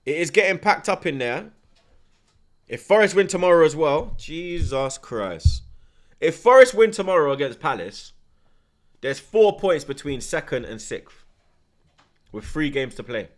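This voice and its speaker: A young man giving loud, animated live reaction commentary while watching a football match, full of slang and rants. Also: on the high side, measured pace, pauses often. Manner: animated, ranting, London slang.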